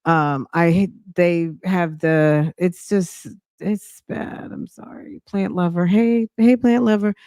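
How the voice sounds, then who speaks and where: Woman, live-stream host, casual reaction chat, unhurried, smooth clear voice. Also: fairly low pitch, steady tone, a little mellow, no echo, studio quality. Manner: chatty, greets viewers by name, thinks aloud while reading.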